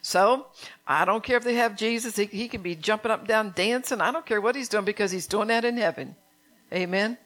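A woman's voice: medium pitch, brisk, a bit bright, faint music behind. A woman preaching a sermon in a conversational, fervent way, often checking in with her congregation.

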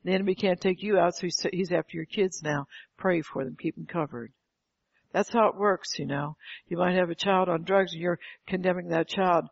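Gravelly, husky older woman preaching. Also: on the low side, steady tone, moderate pace, dry recording. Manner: fervent, calls out "Amen" and rhetorical questions. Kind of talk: sermon. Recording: dull lo-fi, dry sound.

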